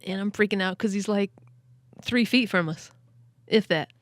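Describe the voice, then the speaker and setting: A woman hosting a podcast, telling a story in casual chat, excitable and quick to laugh. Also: mid-range voice, no room sound. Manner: excitable, laughs often, many "like" fillers. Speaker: podcast host.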